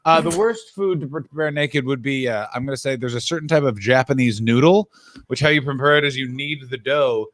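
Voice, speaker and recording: A man hosting a casual comedic chat, riffing quickly on absurd tangents. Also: mid-range voice, a bit bright, no room sound. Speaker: stream host.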